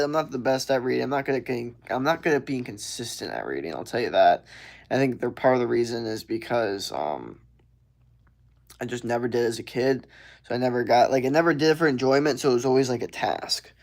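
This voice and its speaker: A man's voice: medium pitch, creaky, a little mellow. A young man answering viewer questions on a casual livestream, slangy and rambling with lots of filler words.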